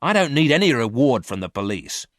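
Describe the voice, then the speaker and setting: A man's voice: medium pitch, sing-song, fairly quick, fairly bright tone, no echo, studio quality, pitched above the performer's own voice. Sly male stranger for a storybook, mocking and questioning, read by a man.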